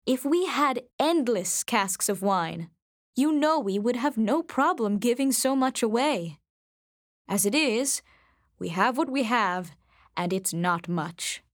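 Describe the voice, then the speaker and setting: A woman's voice: fairly high pitch, expressive, slow, no room sound, studio quality. A woman voicing a worried middle-aged father who reasons earnestly in a storybook reading.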